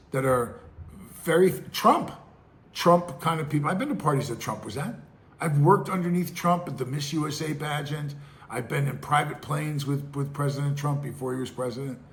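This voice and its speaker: A middle-aged man, hosting his own show with casual, rambling commentary full of restarts and acted-out quotes. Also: mid-range voice. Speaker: podcast host.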